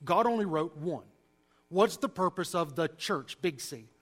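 A man with a Southern US accent teaches scripture the way a preacher does, leaning hard on key words and dropping folksy asides. His voice sits a little higher than most men's. He sounds like he is speaking to a church class. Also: measured pace. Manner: animated, emphatic, folksy asides. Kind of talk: sermon-style Bible teaching.

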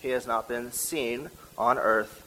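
A man with a Midwestern American accent preaching a teaching sermon, slowing down to stress key words. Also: mid-range voice, fairly even intonation, pushed and bright, low-quality recording.

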